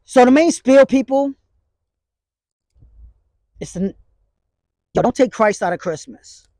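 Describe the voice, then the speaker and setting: A man's voice: very high voice, expressive, slow, warm tone, no echo, studio quality. A man in his fifties with a New York accent, talking bluntly outdoors in the snow into a phone held by someone else. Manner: blunt, street-slang preachy talk. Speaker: martial arts instructor. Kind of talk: casual outdoor monologue. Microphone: phone held by another person.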